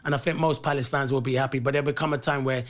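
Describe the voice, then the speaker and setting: A man with a South London accent, a football pundit telling animated stories and laughing through them on a podcast. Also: mid-range voice, rapid-fire.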